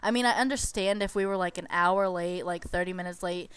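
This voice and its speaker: A woman's voice: fairly low pitch, brisk, fairly bright tone, a little hiss or hum. A young woman casually telling a story over game footage, chatty and exasperated, with lots of "like".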